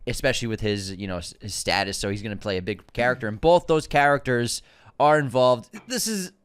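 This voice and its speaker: A man with a Boston accent, mid-pitched, chatting eagerly about films as a podcast co-host. He explains things at length and sometimes trips over names, his energy often rising when something excites him. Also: a little fast, smooth. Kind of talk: casual movie news chat.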